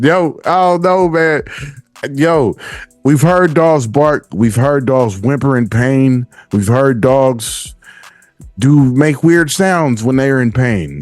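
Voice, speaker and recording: A man hosting a podcast, talking casually in slangy, profane language and reacting with animated bursts. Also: fairly high pitch, dry recording. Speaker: podcast host. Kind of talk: casual commentary.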